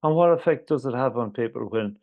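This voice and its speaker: A man's voice: medium pitch, expressive, fairly quick, no room sound. Man hosting a chat, keeps repeating words as he asks stuff, tinny phone-line sound, dry. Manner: stammering, repeats words while framing questions. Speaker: podcast host. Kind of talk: interview conversation.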